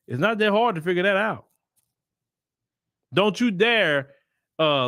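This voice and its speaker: A man's high, somewhat bright voice carries his solo political commentary show, recorded dry in studio quality. Browsing websites on screen, he argues emphatically, fires repeated rhetorical questions, and adds sarcastic asides.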